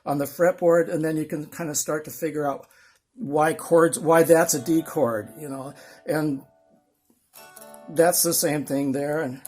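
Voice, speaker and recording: An older man with a husky voice talks through a beginner guitar lesson in a folksy, rambling way. He sounds self-deprecating and unhurried. Faint guitar playing sits behind his voice. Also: on the high side, a little mellow. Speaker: guitar teacher.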